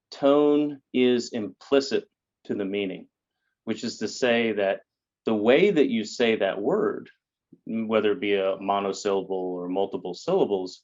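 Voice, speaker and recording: Lower-voiced guy walking through an explanation, lots of "you know" and "right?", muffled lo-fi sound. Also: a little mellow. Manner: lecturing, many fillers and "right?". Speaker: interview guest. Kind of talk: explanatory conversation.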